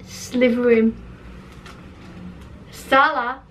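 A high-voiced young woman chats in a slow, unhurried way, giggling at herself as she reads. She sits a little back from the mic, so her voice sounds distant. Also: steady tone, a bit bright, slight background noise. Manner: giggly, self-mocking, laughs often at her spelling. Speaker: channel host reading an old dream book. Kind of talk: casual chat reading aloud.

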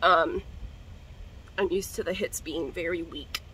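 A woman's voice: fairly low pitch, a little slow, very noisy. A young woman vlogger in casual chat to camera, slangy and profane, coughing now and then. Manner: chatty, slangy and profane, coughing between hits.

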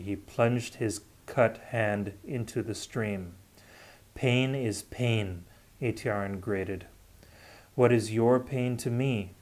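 A man reading a novel aloud, unrehearsed, in a measured and deliberate way. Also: fairly low pitch, darkish tone. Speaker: audiobook reader. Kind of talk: unrehearsed audiobook narration.

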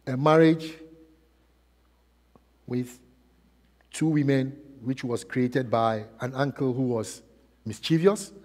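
A man preaching a sermon as pastor, asking repeated rhetorical questions and swinging between loud and soft. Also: mid-range voice, takes it slowly, pauses often. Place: church. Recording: long church reverb.

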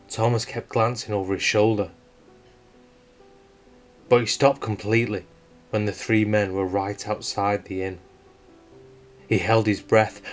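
Low-voiced man narrating a suspenseful tale. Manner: measured, suspenseful storytelling. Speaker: storyteller. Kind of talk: scripted true-crime narration. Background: faint guitar music.

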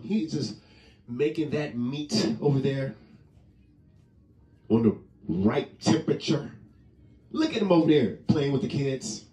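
A man's voice: mid-range voice, darkish tone. A man giving a casual comedic monologue from home, rambling, joking, laughing often and swearing casually. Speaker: vlogger. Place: indoors at home. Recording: roomy sound from a distant mic.

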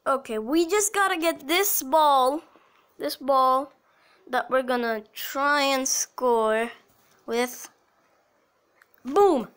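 High-voiced woman narrating her gameplay. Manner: excitable, talks to herself while playing, cheers at goals. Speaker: mobile game player. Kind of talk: casual gameplay commentary.

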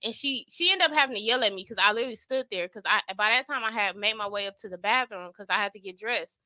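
Fast-talking young woman, bright voice. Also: mid-range voice, no echo. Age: young adult. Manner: emotional storytelling, heavy use of "like", casual swearing. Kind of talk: casual chat.

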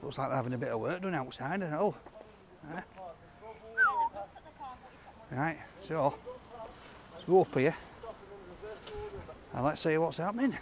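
A jokey man hosting a food vlog, his voice sitting a little high. He bursts into loud exclamations as he drives, then walks about outdoors. A faint hum of noise runs behind him. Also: lively intonation, measured pace, long pauses. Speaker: food vlogger host. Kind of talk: casual vlog chat. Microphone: camera held by a cameraman.

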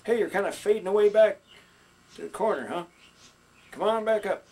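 This puppetry instructor voices a folksy, chatty old puppet who teaches stage entrances to the audience, hesitating and trailing off into fillers along the way. His high-sitting voice is a little mellow and moves at normal speed in this instructional skit.

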